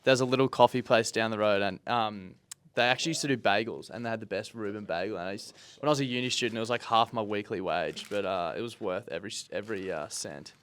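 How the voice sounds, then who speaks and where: A man's voice: lowish voice, fairly bright tone. A man, a laid-back podcast guest sharing stories. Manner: quick, laid-back talker. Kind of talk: casual chat.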